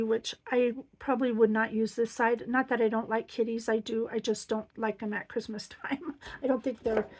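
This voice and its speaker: A woman's voice: a little high, noisy background. A middle-aged woman chatting casually through a craft supply haul, gushing with lots of ums. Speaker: crafting vlogger. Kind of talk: casual show-and-tell haul.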